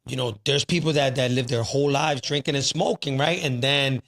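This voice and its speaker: A podcast host talks earnestly, even preachily, about changing habits, dropping in Spanish phrases during casual chat. His mid-range voice is gravelly and fairly bright, brisk, with fairly even intonation.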